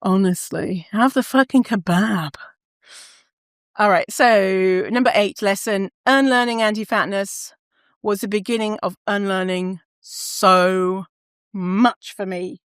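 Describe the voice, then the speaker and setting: A woman's voice: medium pitch, steady tone, slow, clear, resonant tone, dry recording, studio quality. A woman hosting a casual solo podcast. She talks candidly, swears freely and laughs often. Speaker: podcast host.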